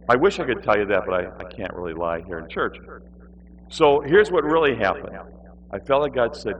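A man preaching in church, telling a story in an animated way and mimicking his own whining. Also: medium pitch, a little fast, dull audio. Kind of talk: storytelling sermon.

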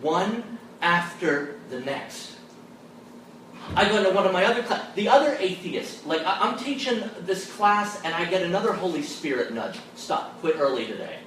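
A man tells a story to a live room, his voice fairly high for a man and quite far from the microphone. The space rings with heavy echo and a steady bed of noise. He acts out the people he quotes, sinking low and quiet for them. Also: normal speed. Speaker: theology lecturer telling a story. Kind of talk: animated storytelling talk. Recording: distant mic, noisy live room.

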